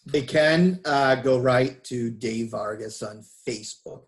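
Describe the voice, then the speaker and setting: A man with a Boston accent, a guest on an interview podcast, talking in a relaxed, reflective way with frequent fillers and restarts. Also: mid-range voice, takes it slowly. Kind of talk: casual interview chat.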